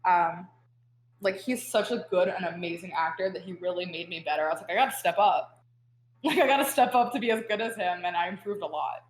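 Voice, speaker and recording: A woman's voice: lowish voice, fairly quick, a little hiss or hum. Chatty young woman in a roomy room. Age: young adult. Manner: chatty, full of "like" fillers, animated storytelling. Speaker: guest. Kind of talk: casual podcast interview. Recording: roomy echo.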